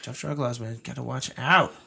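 A man's voice: medium pitch, fairly even intonation, normal speed, gravelly, bright, forceful tone, slight background noise. A man hosting a podcast, chatting loosely and joking, with plenty of swearing. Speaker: podcast host. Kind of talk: casual chat. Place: based in the US.

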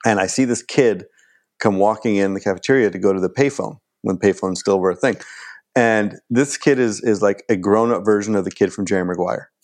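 A man, chatting casually as a guest and telling an animated story. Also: on the low side, brisk. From Canada. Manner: animated storyteller acting out quoted lines.

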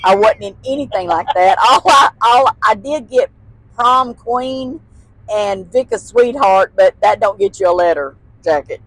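A woman's voice: mid-range voice, animated, a little slow, a bit bright, no echo, poor audio. A woman, a guest telling childhood stories in casual chat, laughing often and using folksy phrasing. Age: 60s.

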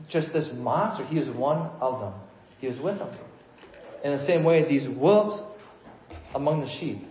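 A male preacher delivers his sermon in a loose, conversational way, breaking into lively voices whenever he quotes someone. His voice sits a little higher than most men's. He is heard in an echoey church hall on a slightly muffled recording. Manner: conversational, animated when quoting, frequent restarts. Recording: echoey room, slightly dull sound.

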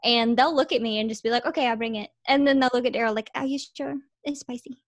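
A woman's voice: on the high side, racing, no room sound. A young woman, a podcast guest, chatting casually with friendly laughter and small stammers. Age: young adult. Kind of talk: casual chat.

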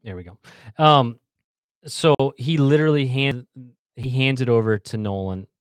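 Man in his thirties, casual storyteller who stumbles and restarts, mid-pitched, dry recording. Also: normal speed, clean tone, dry recording. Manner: animated storyteller, repeats words, acts out the yelling fans. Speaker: fan telling a story. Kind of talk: casual chat on a video call.

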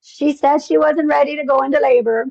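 A woman's voice: high-pitched, fairly even intonation, fairly quick, a little mellow, no echo, dull audio. A woman telling a long personal story in an interview, rambling with many fillers and acting out bits of dialogue. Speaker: interview guest.

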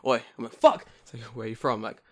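Un hombre joven de Londres con acento londinense, que cuenta anécdotas en una charla informal, con muchas palabrotas y arrebatos de voz fuerte. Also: male voice, medium pitch, racing. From England. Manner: profane, animated storytelling with sudden loud outbursts. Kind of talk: casual chat.

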